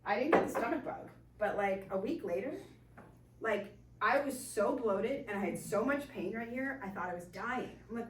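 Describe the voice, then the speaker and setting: A woman's voice: mid-range voice, expressive, normal speed, a little hiss or hum. A woman chiropractor giving a casual, chatty talk to a small group, with lots of fillers. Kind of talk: casual presentation to a live group. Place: room with a small audience. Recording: echoey room, voice from far off.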